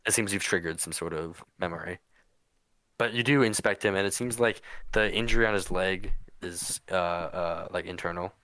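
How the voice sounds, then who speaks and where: A man runs a tabletop game as game master, narrating in a casual, halting way. His tone is bright and forceful, and his voice sits on the low side. The sound is dry and close. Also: no echo.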